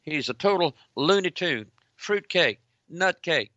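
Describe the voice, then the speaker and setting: A man's voice: fairly high pitch, expressive, measured pace, pushed and bright, no echo. A man hosting Christian call-in talk radio, giving indignant, preaching commentary. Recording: dull lo-fi broadcast audio.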